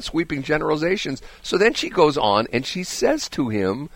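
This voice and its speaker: A man's voice: a little high, moderate pace, dry recording. A man hosting a morning radio show, chatting casually and telling rambling stories with chuckles in a studio. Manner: rambling, animated storytelling with chuckles.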